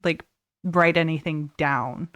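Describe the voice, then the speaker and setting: A woman hosting a casual podcast, chatty and quick to laugh, her voice trailing off softly at times. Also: sits low, dry recording. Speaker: podcast host.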